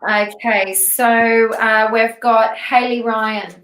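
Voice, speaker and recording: A woman co-hosting a live stream from Dubai, reading spiritual cards in a soft, inviting way. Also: fairly high pitch, steady tone, takes it slowly, reverberant, rough recording. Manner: soft, inviting, with fillers and restarts. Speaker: co-host reading cards for viewers.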